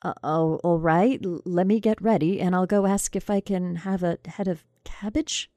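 A woman's voice: on the low side, steady tone, normal speed, mellow, no room sound, lightly acted. An anxious young husband who frets, stammers and keeps trying to please, as a woman reading the story puts him on. He sounds eager and worried. The recording is dry and close, as in a storybook podcast. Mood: flustered. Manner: stammering, placating.

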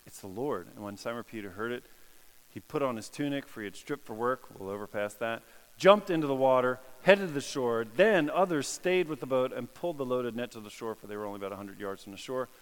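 A man preaching a casual, animated sermon, acting out quotes and laughing at his own jokes. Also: medium pitch, brisk. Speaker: pastor. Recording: long hall reverb.

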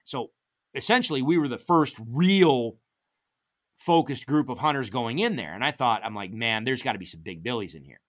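Casual and animated, this middle-aged podcast guest shares hunting stories. He performs the quoted lines of dialogue with big swings in pitch.

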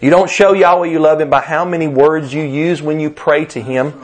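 A man's voice: fairly high pitch, fairly even intonation, a little fast, a little hiss or hum. An older man with a Southern US accent preaching a sermon, driving his points home with emphatic repetition and rising stresses. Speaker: pastor.

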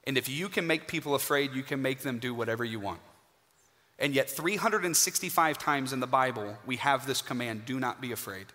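A man preaching a sermon in a church, emphatic and dramatic, with pauses for effect. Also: mid-range voice, sharp tone. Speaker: guest preacher. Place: church sanctuary. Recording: hall reverb.

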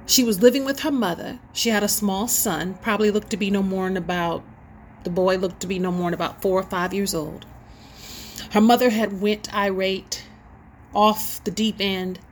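A middle-aged woman preaching with passion, her delivery rising and falling as she drives each point home. Her voice sits at an ordinary pitch for a woman. A faint hiss of noise runs underneath. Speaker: host and inspirational speaker. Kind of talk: spoken sermon-style testimony.

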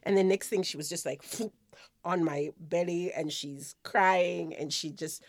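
Female podcast co-host, chatty storyteller, lower pitch, dry studio sound. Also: steady tone, measured pace, no room sound. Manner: chatty, laughs while telling stories. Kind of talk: casual chat.

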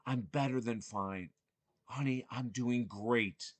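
A man quoting his late mother, voicing her as a gentle, soothing older woman speaking softly and hushed. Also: mid-range voice, takes it slowly, slightly rough, no echo. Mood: tender, reassuring.

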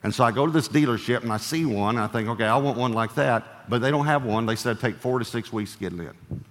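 A man's voice: medium pitch, quick pace, big-room sound. An older man, a pastor, preaching a sermon in a conversational, storytelling way with playful humor.

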